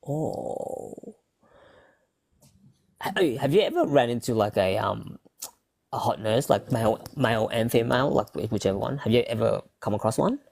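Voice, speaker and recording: A very deep, gravelly woman hosts a podcast in easygoing chat. She teases her guest and laughs often, her pitch swinging widely as she jokes. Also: animated, normal speed, darkish tone. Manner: playful, laughs often, teasing. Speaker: podcast host. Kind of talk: casual chat.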